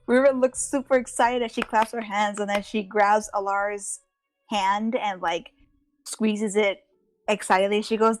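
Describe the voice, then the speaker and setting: A woman playing a tabletop game, describing her character's actions in an animated way. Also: mid-range voice, a little slow, soft background music. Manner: animated, with "like" fillers. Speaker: player.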